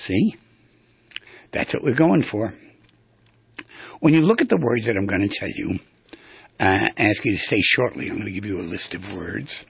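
Gravelly, very husky male radio host. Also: on the low side, moderate pace, pauses often, dry recording, lo-fi sound. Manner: animated, demonstrates vocal tones, rambling with restarts. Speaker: radio talk show host. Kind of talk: instructive radio talk.

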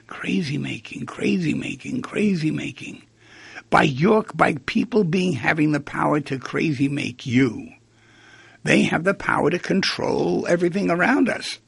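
A man's voice: a little high, animated, normal speed, gravelly, husky, no room sound. A man hosting a radio talk show, musing aloud, asking rhetorical questions and acting out quoted lines. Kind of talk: reflective monologue on relationships.

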